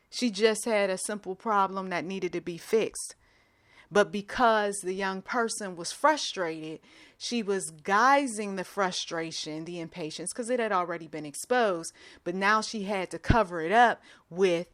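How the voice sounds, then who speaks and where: A woman's voice: medium pitch, normal speed, dry recording, clean studio sound. A middle-aged woman hosting a Christian advice show, talking casually and emphatically, with many asides.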